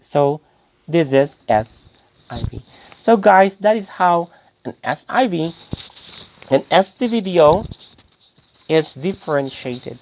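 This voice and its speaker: A man's voice: fairly high pitch, expressive, takes it slowly, creaky, pauses often, darkish tone, a little hiss or hum. A male English teacher giving a grammar lesson, posing questions to the class and then answering them himself, often calling his listeners "guys" and repeating key phrases.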